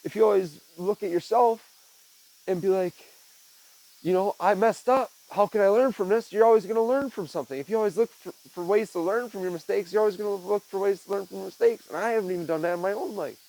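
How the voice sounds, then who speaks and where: A man's voice: high voice, quick pace, gravelly, mellow, rough recording. A young man, a podcast host, talking in a rambling, reflective way and often saying "man" and "dude". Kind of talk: casual monologue.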